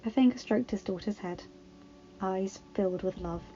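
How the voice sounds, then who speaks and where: Woman calmly narrating a story. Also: mid-range voice, moderate pace, dull audio, soft background music. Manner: calm, even storytelling. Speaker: fan fiction reader.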